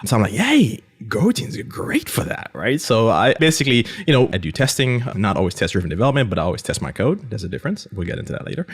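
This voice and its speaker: A man's voice: on the low side, very animated, rapid-fire, few pauses. A man hosting a casual tech podcast panel chat, laughing easily and often asking "right?".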